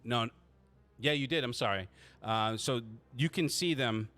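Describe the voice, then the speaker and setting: A man's voice: medium pitch, measured pace, a bit bright. A man running a tabletop game as game master, casual and teasing, rambling with frequent restarts.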